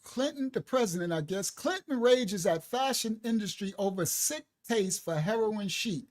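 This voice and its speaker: Animated man joking through commentary. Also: high-pitched, moderate pace. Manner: animated, laughs often, jokey storytelling. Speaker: ministry host reacting to a video. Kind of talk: casual commentary.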